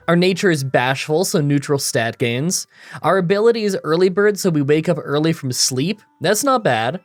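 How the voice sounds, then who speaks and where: Man, fairly high voice, stuffy and nasal, groggy morning voice, dry self-mocking game voice-over, faint music underneath. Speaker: gaming YouTuber. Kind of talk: scripted voice-over commentary. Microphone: recording booth.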